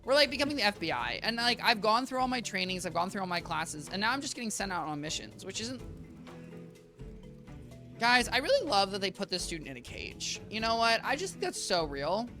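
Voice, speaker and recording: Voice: medium pitch, big pitch swings, brisk, pushed and bright, faint music behind. A young adult game streamer in casual gameplay commentary, rambling and chatting to viewers with lots of filler. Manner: rambling, talks to chat, heavy use of "like" and "guys".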